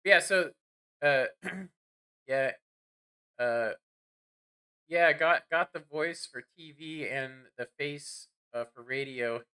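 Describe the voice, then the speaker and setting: A man's voice: on the high side, slow pace, long pauses, pushed and bright, clean tone. A man giving rambling, self-deprecating commentary while playing a game. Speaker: gaming streamer. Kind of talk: casual gameplay commentary.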